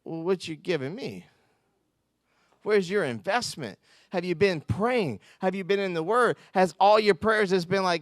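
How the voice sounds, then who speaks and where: A man giving a conversational sermon as pastor, telling stories with self-mocking humor and quick laughs. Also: sits high, expressive, no room sound, studio quality.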